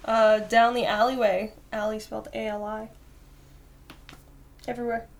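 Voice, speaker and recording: A woman's voice: a little high, little pitch movement, moderate pace, gravelly. A young woman in casual podcast chat, rambling with lots of fillers and casual swearing. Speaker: podcast guest.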